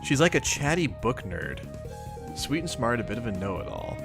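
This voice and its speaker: A man's voice: medium pitch, big pitch swings, normal speed, gravelly, over music. Chatty man reacting while reading. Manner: chatty, reacting aloud, laughs often. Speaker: webcomic reader. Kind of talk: casual read-along commentary.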